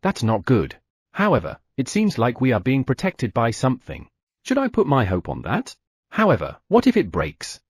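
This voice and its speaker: A man narrating a fantasy audiobook in first person, giving the other characters small shifts of pitch. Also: huge pitch swings, normal speed, slightly rough, no room sound, clean studio sound.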